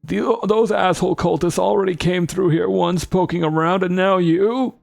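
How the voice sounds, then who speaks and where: A man voicing a feral, paranoid old male goblin hermit in a shrill old-man voice. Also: moderate pace, gravelly, a little mellow. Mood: possessive. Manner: shrill, suspicious, squawking.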